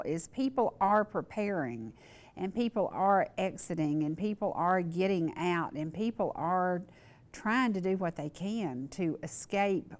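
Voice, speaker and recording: A woman's voice: fairly low pitch, a little mellow. Female talk show host, earnest and emphatic, repeats herself for stress. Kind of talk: casual local talk show monologue.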